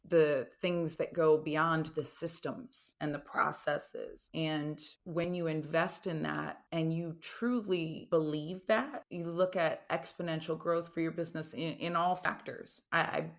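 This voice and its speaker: A middle-aged woman speaking as an interview guest, her voice sitting a little low. She is an animated storyteller who breaks into raised voices to act out quoted lines. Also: gravelly. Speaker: interview guest, former football coach. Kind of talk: conversational interview answers.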